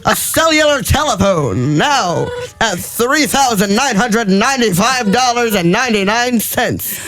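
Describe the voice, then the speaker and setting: A brash male pitchman hawking a gadget, as a man puts him on, his voice pitched fairly high above a faint hiss of background noise. He talks in loud salesman patter, selling hard to the folks at home. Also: expressive, a little slow, full character voice, rough recording.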